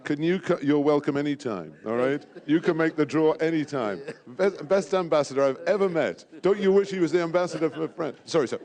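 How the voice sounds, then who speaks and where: A man's voice: a little high, animated, brisk, hardly any pauses, darkish tone. A man emceeing a live event, jovial and teasing, sprinkling in French phrases. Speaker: event host at a draw.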